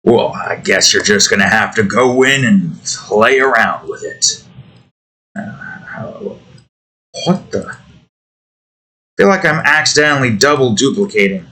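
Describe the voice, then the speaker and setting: A man's voice: lowish voice, animated, measured pace, long pauses, bright, forceful tone. A tired man rambling and grumbling to himself in casual commentary while he builds a game. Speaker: game developer vlogger.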